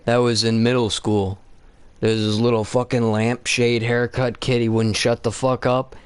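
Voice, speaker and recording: A man co-hosting a casual gaming chat, telling stories in a profane, animated way. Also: mid-range voice, a little slow, clear, resonant tone. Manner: profane, animated storytelling with voiced quotes. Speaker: co-host gaming with his brother.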